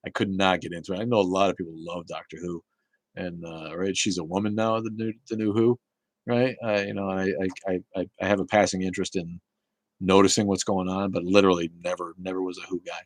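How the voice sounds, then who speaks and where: Man, host, live chat show, low-pitched, rambling, profane, stuttering restarts, dry close sound. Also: little pitch movement, fast, dry recording, rough recording. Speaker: talk show host reading viewer chat. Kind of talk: casual live call-in chat.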